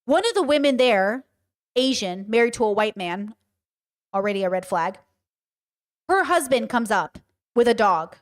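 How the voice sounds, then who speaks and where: A woman livestreaming, telling stories and giving commentary in an emphatic, animated and blunt way, with frequent swearing. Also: fairly high pitch, normal speed, long pauses. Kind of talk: casual livestream storytelling and commentary.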